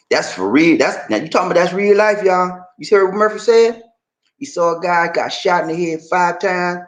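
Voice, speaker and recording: A man hosting a casual livestream, answering viewers' comments in an animated, preachy way and often tagging his sentences with "man" and "y'all". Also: sits high, fairly quick. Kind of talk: casual live chat with viewers.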